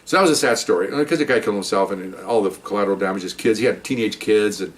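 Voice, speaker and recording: A man's voice: on the low side, fast, recorded from a distance. A man, a former police officer, telling a story in a casual monologue, acting out the other people's lines with a raised voice.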